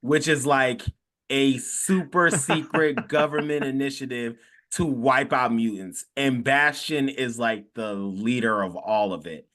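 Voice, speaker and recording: A man's voice: mid-range voice, measured pace, a bit bright. A man co-hosting a pop-culture podcast, explaining things in a loose, chatty way full of "like". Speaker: podcast co-host. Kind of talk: casual chat.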